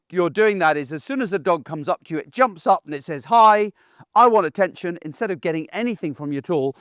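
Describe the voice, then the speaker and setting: A man, a dog trainer giving a casual, animated lesson outdoors while acting out voices. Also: on the high side, dry recording, clean studio sound. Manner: chatty and animated, acts out the dog's and owner's voices. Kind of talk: casual instructional talk.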